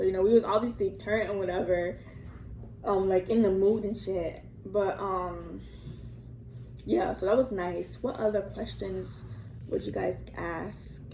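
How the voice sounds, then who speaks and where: A young woman rambles through a casual storytime vlog recorded on her phone, full of fillers and the occasional curse word. Her voice is a little high and somewhat mellow. The room is echoey, with faint ambience and slight background noise.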